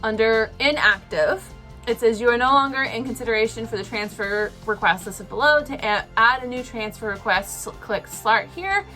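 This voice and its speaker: A woman's voice: a little high, moderate pace, pushed and bright, soft background music. A young woman telling an emotional personal story to camera, rambling with lots of fillers. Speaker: vlogger.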